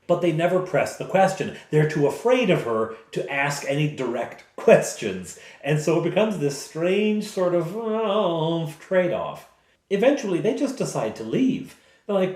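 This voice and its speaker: A man who is the game master, recounting a tabletop game session as an animated storyteller. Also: a little high, unhurried. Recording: echoey room.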